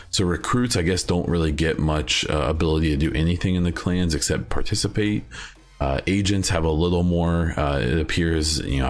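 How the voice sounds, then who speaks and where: A young man hosting a solo gaming podcast, talking casually and rambling with plenty of fillers and restarts. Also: extremely low pitch. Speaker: podcast host.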